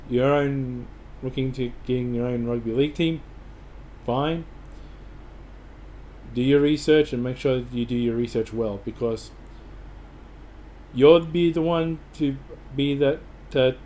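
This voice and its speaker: An Australian man talks straight to the camera, offering casual advice with enthusiasm. He rambles, restarts and fills pauses as he goes, in a voice of middling pitch. A faint hum sits under his voice. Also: darkish tone. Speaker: vlogger giving travel advice.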